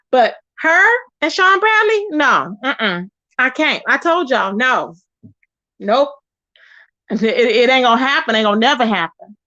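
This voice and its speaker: Woman, sassy emphatic commentary, very animated, muffled lo-fi recording. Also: high voice. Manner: sassy, emphatic, addresses viewers as y'all. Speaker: YouTube commentary host. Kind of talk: casual drama commentary chat.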